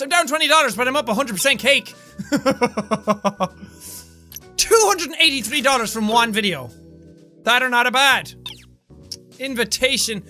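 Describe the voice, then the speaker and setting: A young Irish man in his twenties commentating a game he is playing, excitable and jokey, swearing freely and talking back to the characters on screen. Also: very high voice, normal speed, pauses often, faint music behind. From Ireland. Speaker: gaming YouTuber. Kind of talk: let's play commentary.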